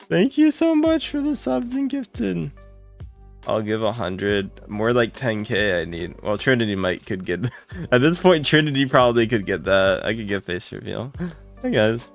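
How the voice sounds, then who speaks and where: A man with a gravelly, creaky voice chats casually on a live game stream. He greets viewers one by one and gushes with thanks. Faint music plays behind him. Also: fairly low pitch. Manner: greets viewers by name, excitable and gushing.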